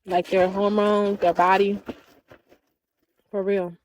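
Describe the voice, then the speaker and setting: A woman's voice: mid-range voice, flat delivery, takes it slowly, a little mellow, a little hiss or hum. A woman livestreaming in a casual chat, drawling and talking back to her viewers.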